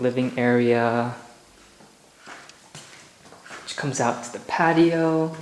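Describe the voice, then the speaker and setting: A man talks casually for his vlog as a painter, musing and loose, leaning on "like" and "you know." His voice sits at a middling pitch. The room around him rings with echo, and faint noise runs underneath. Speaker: vlogger and painter. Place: indoors in a townhouse at an artist residency.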